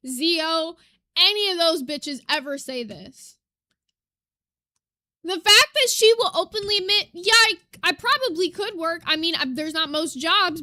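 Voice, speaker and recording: A woman's voice: very high voice, sharp tone, dry recording. A woman hosting a reaction commentary, blunt and casual, swearing freely with frank asides. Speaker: commentary channel host.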